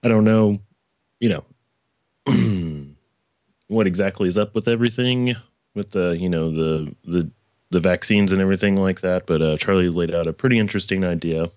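A man hosts his own podcast in a loose, rambling commentary style, often stopping to correct himself and tossing in profane asides. His voice sits very low. The recording is dry and slightly muffled, like a small home setup. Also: no room sound. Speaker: podcast host. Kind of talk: casual political commentary.

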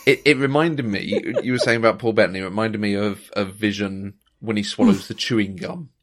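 Wry man, measured. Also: fairly low pitch, fairly even intonation. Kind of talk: casual chat.

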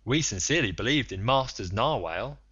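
A man reading aloud, voicing a calm manservant who speaks in a deadpan, matter-of-fact way. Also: mid-range voice, a little fast, husky, dull audio. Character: calm, unflappable male manservant.

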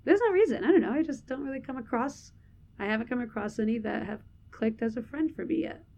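A woman's voice: fairly high pitch, lively intonation, fast, gravelly, warm tone, highs cut off, slight background noise. A young adult woman co-hosting a podcast, talking candidly in a loose, rambling way full of fillers. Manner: candid, rambling with many "like"s, laughs often. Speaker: podcast co-host. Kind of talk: casual chat.

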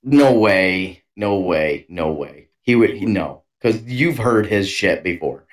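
Low-voiced, chuckling podcast co-host man. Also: animated, slow pace. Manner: easygoing, rambling, chuckles mid-sentence. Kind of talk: casual chat.

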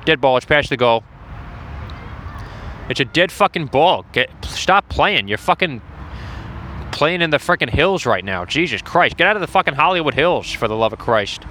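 A man's voice: fairly high pitch, expressive, moderate pace, sharp tone, slight background noise. A man giving crude, profane running commentary from the stands of a lacrosse game outdoors. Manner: profane ranting, frequent swearing. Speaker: host.

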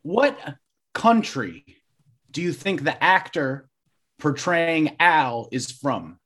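A man's voice: fairly high pitch, very animated, slow, a bit bright. A man hosting a casual group chat over a video call, asking wry, joking questions. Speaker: podcast host.

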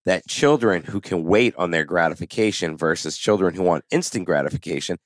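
Chatty man co-hosting podcast, deep voice. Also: fairly quick, no echo, studio quality. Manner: chatty, anecdotal, repeats himself for emphasis. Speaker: podcast co-host. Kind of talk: casual podcast chat.

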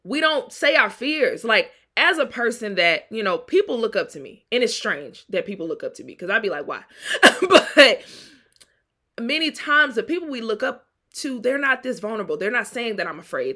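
A woman's voice: on the high side, expressive, normal speed, bright, forceful tone. A woman, hosting a candid solo podcast like a singles coach, preaching and laughing often. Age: 30s. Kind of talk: reflective solo monologue.

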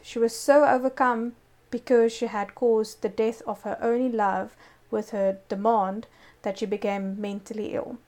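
A woman's voice: on the high side, darkish tone. A woman telling a local ghost story in casual chat, breaking off to explain words. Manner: reads a story with laughing asides.

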